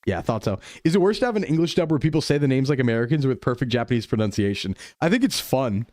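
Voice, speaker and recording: A young man chatting casually while streaming a game, playful and quick to drop into goofy voices. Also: medium pitch, lively intonation, darkish tone, dry recording, studio quality. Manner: playful, jumps into goofy voices and dub impressions. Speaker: VTuber streamer. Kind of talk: casual gaming chat.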